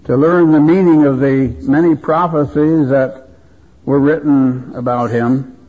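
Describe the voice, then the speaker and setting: Man preaching, slow and reverent, husky voice, tinny lo-fi convention recording. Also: medium pitch, steady tone. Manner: slow, measured, reverent delivery. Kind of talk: sermon. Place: convention hall.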